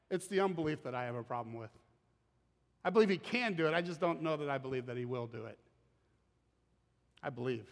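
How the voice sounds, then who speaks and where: A man preaching a sermon as pastor, animated and acting out scripture quotes in dramatic voices. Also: mid-range voice, a little fast, pauses often. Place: church auditorium. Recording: long reverb of a large hall.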